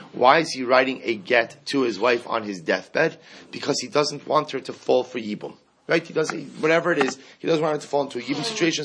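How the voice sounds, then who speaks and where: A man teaching a Talmud class, animated, acting out the quoted speakers as he explains each case. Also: medium pitch, husky. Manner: animated, acts out quoted speakers, mixes Aramaic terms into English.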